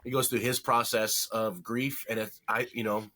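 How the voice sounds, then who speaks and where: A man's voice: on the low side, level tone, normal speed, sharp tone. A man co-hosting a podcast, chatting casually about shows he watched, rambling and correcting himself with jokes. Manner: rambling, self-correcting, jokey. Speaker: podcast co-host. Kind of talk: casual movie review chat.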